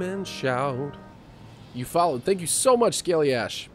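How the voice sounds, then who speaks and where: A man's voice: fairly high pitch, lively intonation, a little slow. A man streaming a game, chatting casually, reading the game text aloud and asking viewers to help him decide. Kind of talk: casual gameplay commentary. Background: game music.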